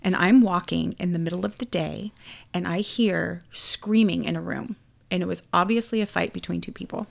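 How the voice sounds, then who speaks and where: A Texan woman co-hosting a casual chat, telling travel stories in a lively way and acting out what people said. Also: fairly low pitch, normal speed, vocal fry. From Texas. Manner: animated storyteller, acts out quotes. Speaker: podcast co-host.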